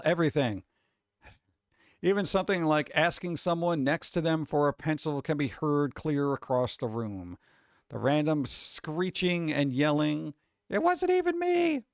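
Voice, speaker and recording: A man riffs casually on a live stream, his voice sitting slightly high. He rambles, swears freely and restarts his sentences. The close mic sounds dry, with no room around it. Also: no echo. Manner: loose, profane, rambling with restarts. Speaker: streamer reacting to reader posts.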